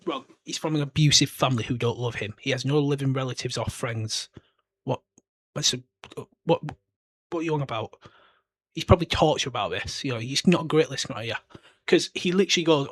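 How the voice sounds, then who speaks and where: On his podcast, a British man in his twenties drifts through a relaxed book discussion, chatting loosely and cursing in passing. He speaks at a medium pitch, animated, at normal speed, with long pauses.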